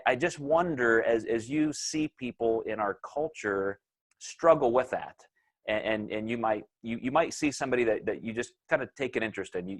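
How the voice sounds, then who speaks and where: Energetic male podcast host. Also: fairly low pitch. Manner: energetic, repeats words as he starts sentences. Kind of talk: podcast conversation.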